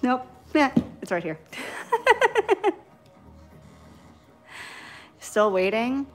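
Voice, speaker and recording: A woman's voice: mid-range voice, normal speed, faint music behind. A woman in her thirties with a New York accent, chatting on a live stream while painting nail swatches, a little tipsy from wine and easily distracted. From New York, Long Island. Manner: chatty, scattered, giggly. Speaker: nail beauty YouTuber.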